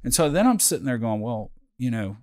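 A man co-hosting a podcast, telling a workplace story in casual chat, with lively acted quotes. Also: mid-range voice, a little fast, no room sound, clean studio sound. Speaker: podcast co-host.

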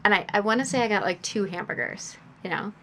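A woman's voice: mid-range voice, fast talker, bright, forceful tone. A woman who works with births, chatting casually and telling a self-mocking story with fillers and quoted asides. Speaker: birth worker, podcast co-host. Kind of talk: casual chat.

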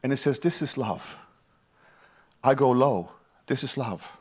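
A pastor preaching a sermon, reading scripture with emphasis, mixing quiet asides with loud, drawn-out lines and chatty "you know"s. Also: male voice, mid-range voice, husky. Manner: reads scripture aloud with emphasis.

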